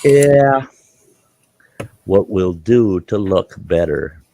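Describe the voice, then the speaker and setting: A man's voice: low voice, animated, extremely slow, mellow, slight background noise. A man hosting a casual campfire chat, telling stories in a boisterous, profane way. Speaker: host.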